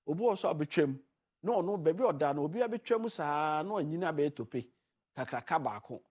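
A man hosting a radio talk show in a relaxed, chatty way, switching freely between languages. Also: on the high side, fairly quick, breathy edge. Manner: mixes languages, chatty and loose. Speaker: radio host. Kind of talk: casual radio chat.

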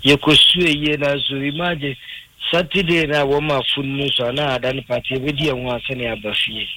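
A man's voice: mid-range voice, fairly even intonation, brisk, pushed and bright, no room sound, rough recording. A man with a Ghanaian accent calling into a radio show, emphatic and repeatedly addressing the host by name. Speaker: radio caller. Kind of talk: phone-in chat.

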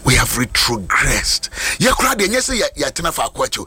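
Ghanaian guy preaching hard, bright husky voice, sing-songy shouting. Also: medium pitch, huge pitch swings, fast talker, hardly any pauses. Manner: impassioned, switching between Twi and English, sing-song shouting. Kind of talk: sermon.

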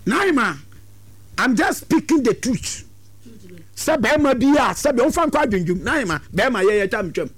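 A man giving lively, preachy advice on a talk show, sometimes breaking into shouts. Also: very high voice, moderate pace, slightly rough.

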